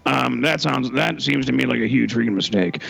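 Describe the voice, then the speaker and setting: A man on a comedy podcast who talks haltingly with many ums and packs a mild curse word into nearly every phrase. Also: mid-range voice, gravelly, a bit bright, husky, low-quality recording. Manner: hesitant, stuffs every sentence with one mild curse word.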